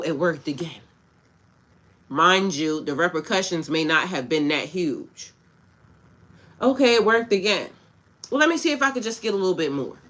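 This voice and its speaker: A woman hosts a spiritual reading stream, talking bluntly and casually to her viewers. Her voice has a bright, sharp edge, and she mixes slang with pep-talk advice. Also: medium pitch. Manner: casual, blunt, slangy, talks back to chat. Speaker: spiritual coach. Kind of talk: livestream tarot-style reading with chat.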